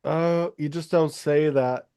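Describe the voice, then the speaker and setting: A man's voice: fairly high pitch, steady tone, slow pace, dark tone, clear, resonant tone. A man co-hosting a podcast, chiming in casually and emphatically, repeating himself.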